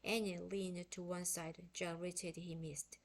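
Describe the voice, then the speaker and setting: Woman, children's book read-aloud, expressive, slow and careful, Korean first language. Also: on the low side. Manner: expressive, unhurried storytelling. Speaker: book reader.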